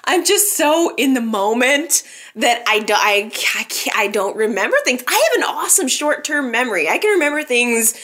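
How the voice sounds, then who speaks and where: A woman's voice: a little high, very animated, normal speed, fairly bright tone. A woman hosting a casual recap podcast, chatting animatedly and talking straight to her listeners. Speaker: soap opera recap podcast host.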